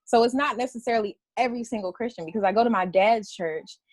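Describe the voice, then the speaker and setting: A woman poet from Washington, D.C., a guest in an emotional interview, speaks quickly in a slightly high voice. She's candid and rambling, laughing often, restarting, and sometimes tearful. The sound is dry and close, with no room sound.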